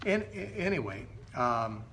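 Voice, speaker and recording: Bright-voiced middle-aged man retelling Bible stories. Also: medium pitch, sing-song, vocal fry, slight background noise. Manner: conversational, halting, often correcting himself. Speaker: Bible teacher. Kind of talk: informal Bible storytelling.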